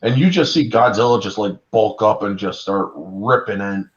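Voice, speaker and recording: A man in his thirties recounting a monster movie in casual chat, excitable and profane, acting out characters in voices. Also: fairly low pitch, normal speed. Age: 30s. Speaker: podcast panelist. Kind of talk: casual film discussion. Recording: dull lo-fi audio.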